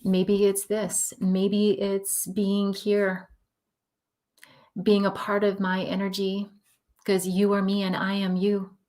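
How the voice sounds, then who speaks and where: A woman's voice: medium pitch, completely flat delivery, slow, darkish tone. She's a woman doing a live tarot reading, gushing and emotional, pours out encouragement, voice sits right in the middle, mic feels like a webcam or phone. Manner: effusive, emotional, affirming. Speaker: spiritual tarot reader.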